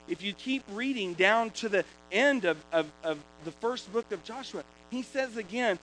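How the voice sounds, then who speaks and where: A man preaching a sermon, emphatic and building to loud proclamations of scripture. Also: high voice, expressive, moderate pace, hardly any pauses, a little hiss or hum, rough recording.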